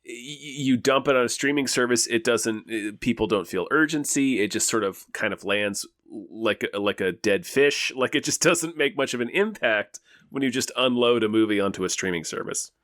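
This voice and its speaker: A man's voice: medium pitch, normal speed, fairly bright tone, dry recording, studio quality. A man co-hosting a podcast, chatting casually about new movies with a rambling, exasperated manner. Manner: rambling, restarts, exasperated jokes. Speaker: podcast co-host.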